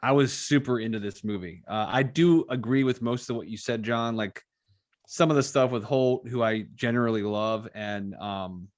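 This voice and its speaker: A man's voice: medium pitch, normal speed, dry recording. Enthusiastic stammering man, dry. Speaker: podcast co-host. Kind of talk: casual movie review chat.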